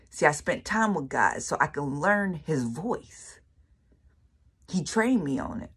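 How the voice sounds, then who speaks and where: A woman's voice: deep voice, big pitch swings, slow, a bit bright, husky. A woman preaching her personal faith testimony in a casual, colloquial way, emphatic and repeating phrases for effect. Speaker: faith speaker sharing testimony.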